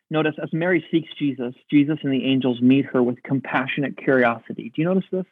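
A pastor preaching a sermon in an earnest, reflective way, slowing down to stress key words. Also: male voice, mid-range voice, husky, no room sound. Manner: earnest, reflective, slows for emphasis. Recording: dry, phone-like narrow sound.

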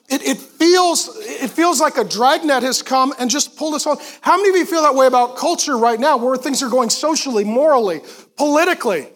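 A pastor preaching a sermon to a congregation in a church, animated and emphatic, with quick asides to the crowd. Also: male voice, very high voice. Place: church auditorium before a congregation.

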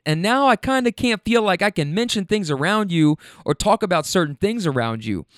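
A man telling a casual anecdote, animated and acting out the people he quotes. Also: high voice, moderate pace, hardly any pauses, dry recording, studio quality. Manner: animated, quoting others in shifting voices. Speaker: storyteller.

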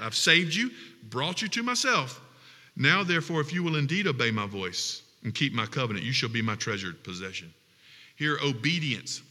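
A man's voice: fairly high pitch, sharp tone, long reverb tail. A man preaching a sermon as pastor, repeating phrases for emphasis.

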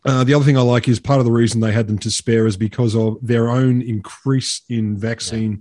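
A man's voice: mid-range voice, steady tone, fairly quick, darkish tone, no room sound. An Australian man co-hosting a podcast, sardonic and sweary, riffing on news items in casual chat. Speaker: podcast co-host.

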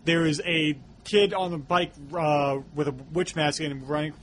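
A man's voice: on the high side, fairly even intonation, measured pace, slight background noise. A man co-hosting a podcast, recapping and discussing a movie in a loose, rambling way with many fillers. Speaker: podcast co-host.

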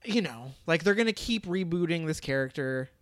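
A man's voice: fairly high pitch, expressive, normal speed, a bit bright, no echo. A man co-hosting a casual podcast chat, rambling with many fillers and casual swearing. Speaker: podcast co-host reviewing a film.

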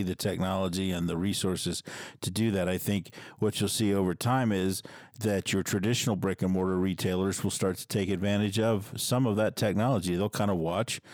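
A man's voice: low-pitched, darkish tone, no room sound. A man hosting a podcast interview, responding with interest and thinking aloud through examples. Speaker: podcast host.

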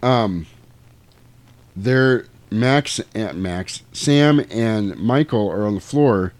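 Animated man retelling a movie, dry mic. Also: on the low side, very slow, no echo. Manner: animated storytelling, acts out quotes, swears freely. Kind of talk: casual movie recap chat.

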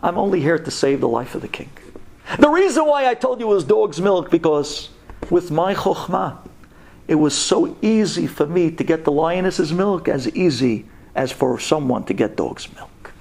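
A man voicing a pompous, scheming male tongue in a storytelling sermon, boasting and then dropping to a low hush. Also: animated, normal speed, creaky. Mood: flattering.

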